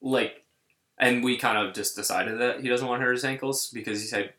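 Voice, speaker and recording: A man co-hosting a casual podcast, talking in an animated, rambling way and often restarting his sentences. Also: medium pitch, brisk, echoey room. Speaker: podcast co-host.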